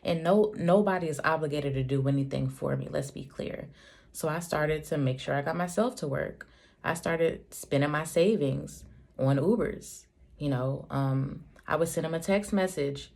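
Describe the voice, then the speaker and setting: A woman in her thirties with a deep, low-pitched voice tells a storytime vlog. She talks in a heated, emphatic way, cursing freely as she vents. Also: moderate pace, vocal fry, a little mellow. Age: 30s. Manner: heated, profane, emphatic ranting. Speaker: vlogger, single mother.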